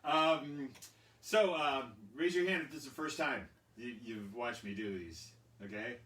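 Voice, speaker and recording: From his small home studio, a children's singer and storyteller with a mid-range, sharp-toned voice speaks a little slowly, rambling through a story full of fillers. It's a casual storytelling and singalong for kids, captured on a roomy, distant mic with guitar.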